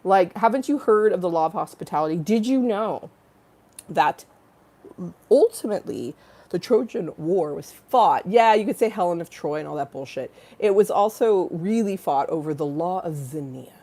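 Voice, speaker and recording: Giggly, rambling low-voiced woman livestreaming. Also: lively intonation, normal speed, dark tone. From Los Angeles-based. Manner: rambling, giggly, profane, breaks into sung bits. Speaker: livestream host. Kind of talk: casual livestream chat. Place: home in a hot room with a fan.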